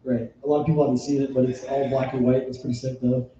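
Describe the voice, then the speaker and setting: A man's voice: medium pitch, flat delivery, quick pace, crowd noise. A laid-back man co-hosting a casual pub podcast, talking hesitantly about movies. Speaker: podcast co-host. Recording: echoey room, distant mic, dull sound.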